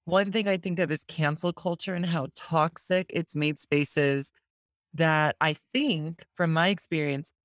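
A podcast host speaking earnestly and thoughtfully in a conversational interview, often speeding up and slowing down. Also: medium pitch, a bit bright, no room sound, clean studio sound.

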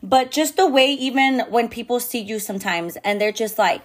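A woman's voice: fairly high pitch, moderate pace. Blunt, swearing woman podcaster. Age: adult mother. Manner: blunt, heavy swearing, frequent fillers; mixes in Spanish phrases. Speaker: podcast host. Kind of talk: candid casual monologue.

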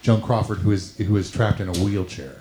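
A man hosting a comedy podcast, eagerly questioning his guest and jumping in with quick asides. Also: lowish voice, fairly even intonation, dark tone, roomy sound, a little hiss or hum. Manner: eager interviewer, quick interjections. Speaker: podcast host.

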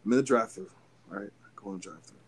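Rapid-fire and fairly low, with a breathy edge, this young man co-hosts a podcast and tells a long, profane story. He's animated throughout, performing each character's voice on both sides of the exchange.

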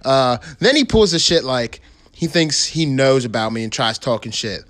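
A man in casual chat, telling a long story in animated slang and laughing often. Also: medium pitch, moderate pace.

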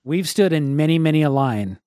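A man's voice: on the high side, animated, a little fast, dark tone, clear, resonant tone, dry recording. A man co-hosting a podcast, chatting casually and trading dry, grumpy quips. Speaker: podcast co-host. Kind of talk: casual chat.

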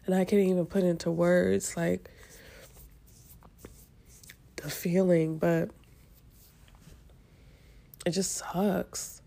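A woman hosting her own podcast pours out her frustration while close to tears. Her congested voice is dark and mellow with a steady gravelly fry. She talks in halting bursts full of swearing and restarts. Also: lowish voice. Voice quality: congested from sinus trouble. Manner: halting, profane and frustrated, with many restarts and trailing pauses. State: near tears. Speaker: podcast host. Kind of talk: emotional solo podcast venting.

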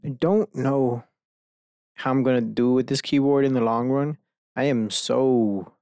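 A man's voice: medium pitch, a little mellow, no room sound. A man hosting a casual solo podcast from his desk at home, talking into a desk microphone, rambling, swearing a lot and laughing mid-sentence. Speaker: podcast host.

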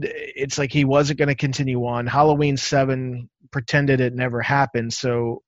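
Male podcast host, lively anecdotes, dry dull home-mic sound. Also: mid-range voice, moderate pace, no echo. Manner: animated storyteller, acts out quotes. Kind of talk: casual chat.

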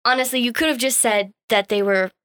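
A woman guests on a casual podcast and answers quiz questions in a playful way. Her voice sits a little high for a woman. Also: fairly quick, fairly bright tone.

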